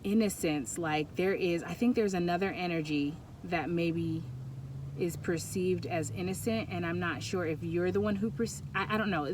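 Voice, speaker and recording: A woman giving a pick-a-pile tarot reading, talking in a rambling, halting way that often turns emotional, recorded on a Bluetooth mic. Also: lowish voice, slight background noise. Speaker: tarot reader.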